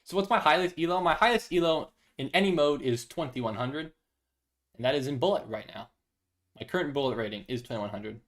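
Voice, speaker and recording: A man's voice: on the high side, lively intonation, a little fast, a bit bright. Easygoing young man chatting while streaming. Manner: easygoing, self-deprecating, thinking aloud. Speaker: chess streamer. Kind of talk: casual live-stream chat.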